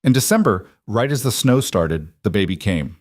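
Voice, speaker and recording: A man reading a frontier love story aloud as a narrator, in a steady storytelling manner. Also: fairly low pitch, moderate pace, dry recording, clean studio sound.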